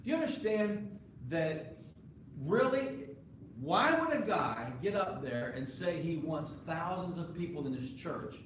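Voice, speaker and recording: A man's voice: fairly high pitch, very animated, measured pace, slight background noise. A male pastor preaching a sermon to his congregation in a conversational way, often putting questions to the listeners. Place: church sanctuary. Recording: echoey live church recording from far off.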